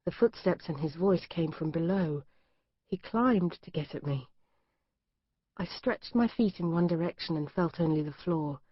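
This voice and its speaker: Low-voiced woman narrating. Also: unhurried, no room sound. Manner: tense first-person reading. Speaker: audiobook narrator. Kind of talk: scripted narration. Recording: dry, slightly dull studio.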